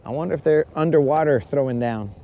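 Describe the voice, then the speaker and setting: A man's voice: on the high side, fairly quick, highs cut off, a little hiss or hum. A man hosting a live fishing stream from a boat on a lake. He talks in a casual, joking way and keeps calling his viewers bros. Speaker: fishing livestream host.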